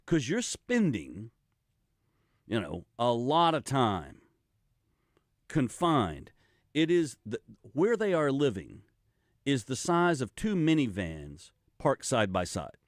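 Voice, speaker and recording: Speaking slowly at a medium pitch with long pauses, an older radio talk show host rambles casually. He's animated, laughs a lot, and keeps restarting his sentences. The studio microphone gives clean studio sound with no echo.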